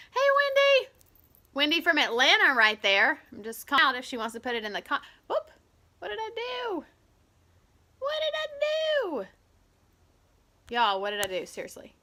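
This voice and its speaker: A woman with a bright, bubbly voice hosts her weekly live stream from home. She sits in front of a camera propped on a shoebox. She chats casually and greets viewers by name in a high, chirpy tone.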